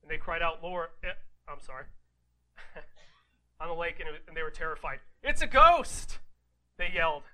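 A man's voice: fairly high pitch, flat delivery, moderate pace, pauses often, bright, forceful tone, poor audio. A man preaching a conversational sermon. He reads scripture aloud, then explains it in a casual way, with rhetorical questions and "right?" asides.

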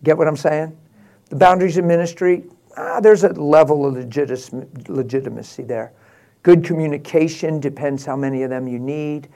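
A man's voice: on the high side, fairly even intonation, normal speed, warm tone. Emotional older male pastor. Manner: emphatic, emotional, candid. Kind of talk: casual storytelling talk.

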